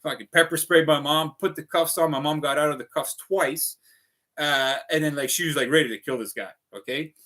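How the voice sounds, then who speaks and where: A man talks straight to his viewers in a loose, rambling livestream. His voice sits a bit high with a sharp, bright edge. He curses freely and strings thoughts together with constant fillers. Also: fairly quick. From Canada. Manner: profane, restless, full of fillers.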